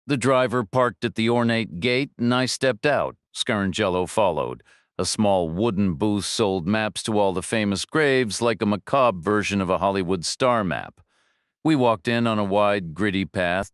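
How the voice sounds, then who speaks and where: A man narrates a first-person thriller audiobook in a measured, low-key, dry manner. His voice sits low and sounds smooth and resonant. The recording is close and dry. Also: dry recording.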